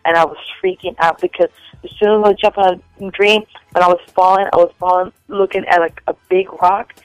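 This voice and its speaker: A woman's voice: on the low side, no echo, poor audio. Chatty woman telling stories. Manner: rambling, lots of "like" fillers, animated quoting. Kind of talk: casual storytelling chat.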